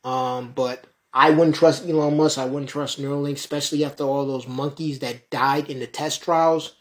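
A young man hosting a solo podcast, talking fast and heatedly, swearing and repeating "folks" as he rants. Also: medium pitch, fairly even intonation. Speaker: podcast host.

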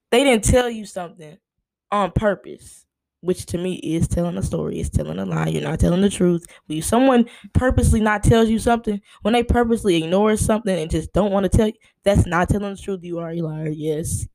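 A young woman hosting a casual solo podcast, ranting in an animated, exasperated way and calling her listeners "y'all" and "honey.". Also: medium pitch. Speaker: podcast host.

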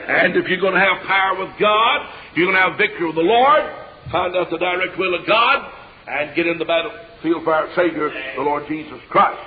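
A man with an East Tennessee Southern accent preaching a revival sermon in a folksy storytelling way, often breaking into shouts. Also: sits high, brisk. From Tennessee, USA. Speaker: evangelist preacher. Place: church service before a congregation. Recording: dull lo-fi live church recording. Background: congregation calling out amens.

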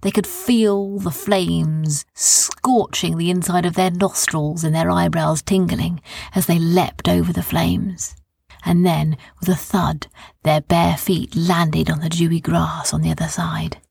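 A woman telling a children's bedtime story in a calm, soft, descriptive way. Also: on the low side, unhurried, gravelly, husky, dry recording, studio quality.

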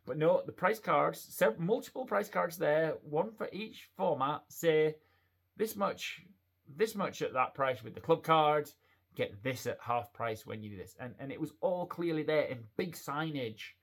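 Male podcast host, casual storyteller, lively and rambling, restarts often. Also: fairly high pitch, a little slow, vocal fry. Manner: chatty, animated anecdote with quoted voices and many restarts. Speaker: retail manager.

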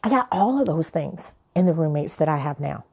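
A young adult woman, a life coach, telling a personal story in an animated, playful way. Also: low-pitched, brisk, vocal fry, breathy edge.

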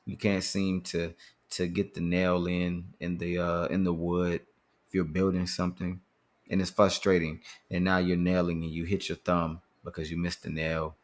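A man's voice: low-pitched, level tone, moderate pace. A man hosting a podcast, talking earnestly and casually about handling anger, often repeating words as he thinks. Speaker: podcast host. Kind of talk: casual motivational talk.

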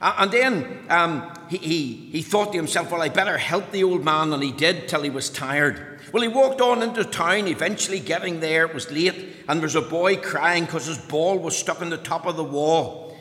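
Bright-voiced man telling a children's story. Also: fairly high pitch, moderate pace. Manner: lively, addresses children with questions. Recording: long hall reverb.

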